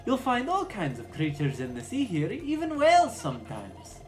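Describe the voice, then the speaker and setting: A man voicing a helpful, chatty village woman in a brisk, cheery read. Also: sits high, wildly swooping pitch, voice pushed up.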